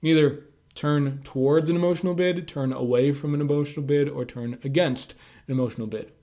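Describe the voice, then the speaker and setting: A man's voice: on the high side, steady tone, a little fast, dark tone. A man giving casual advice on conversation skills, talking loosely with lots of filler words. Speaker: communication tips creator. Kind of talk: casual instructional talk to camera.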